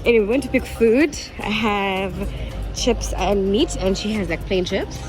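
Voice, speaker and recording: A woman's voice: mid-range voice, normal speed, low-quality recording. A young woman from Uganda, chatting animatedly to viewers as a travel vlogger over background music. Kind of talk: casual travel vlog narration.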